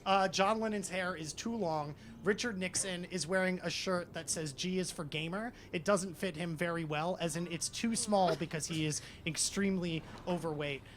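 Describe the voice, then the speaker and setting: A man's voice: high voice, moderate pace, few pauses, slight background noise. A man narrating as game master of a tabletop role-play, rambling with many fillers.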